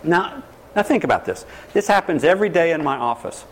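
A lively man lecturing as a counselor on a fairly high voice. He keeps turning questions on his audience and slips into voices of the people he quotes. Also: a little fast, noisy background. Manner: animated, acts out quoted voices, quizzes the audience.

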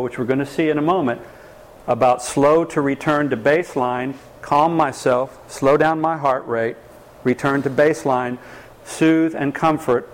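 A man's voice: medium pitch, poor audio. A man teaching a class, talking emphatically and asking the room questions. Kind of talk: lecture to a live class.

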